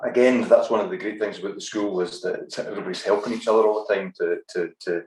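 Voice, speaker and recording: Relaxed Scottish guest in his fifties, lower voice, echoey room on a video call. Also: quick pace, a little hiss or hum. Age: 50s. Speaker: podcast guest. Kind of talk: casual video-call interview. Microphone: video call from a spare room.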